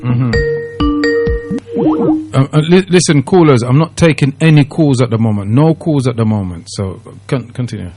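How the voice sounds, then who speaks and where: A man's voice: medium pitch, fairly quick, few pauses, warm tone, soft background music. A man hosting a radio talk show, mostly answering his guest with brief affirming interjections and telling callers to hold. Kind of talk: casual radio chat.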